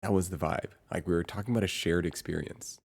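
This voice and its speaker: A man streamer chatting casually to his viewers, rambling and halting, with lots of fillers and restarts. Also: low voice, creaky, a little mellow. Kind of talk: casual live-stream chat.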